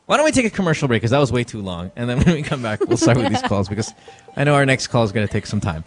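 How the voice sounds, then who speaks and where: Animated, profane man host. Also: medium pitch, very fast, faint music behind. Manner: profane, animated, acts out quotes. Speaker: podcast host. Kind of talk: casual chat.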